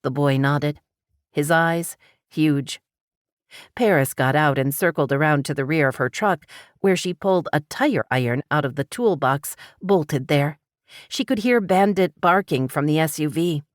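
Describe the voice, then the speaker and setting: A woman narrating an audiobook in a steady, dramatic storytelling manner. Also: low-pitched, a little slow, no echo, studio quality.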